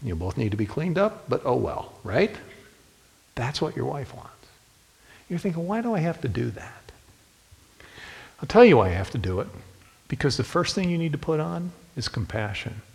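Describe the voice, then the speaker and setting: Guy preaching, folksy and chatty, middle-pitched voice with some fry, big echoey room. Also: sing-song, normal speed, darkish tone. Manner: folksy, storytelling, speaks directly to the men. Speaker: pastor. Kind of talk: sermon.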